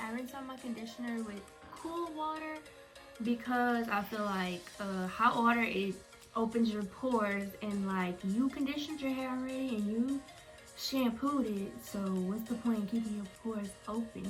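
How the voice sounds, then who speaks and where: A young woman chatting casually to her viewers as she walks them through her hair-care routine. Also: on the high side. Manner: chatty, talks straight to viewers. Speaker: beauty vlogger.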